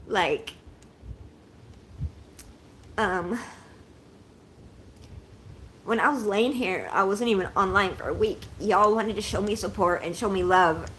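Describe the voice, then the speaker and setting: A woman's voice: medium pitch, takes it slowly, long pauses, a bit bright, a little hiss or hum. A woman in her forties chatting casually with viewers on a livestream, shaky and unwell, talking in an emotional, rambling way and thanking them often. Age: 40s.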